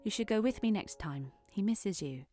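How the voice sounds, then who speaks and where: A woman voicing a proud, stern medieval noblewoman and mother who speaks in a prim, sharp-tongued way. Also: medium pitch, expressive, moderate pace, voice pushed up, lightly acted. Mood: motherly. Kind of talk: fan audio drama reading. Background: music.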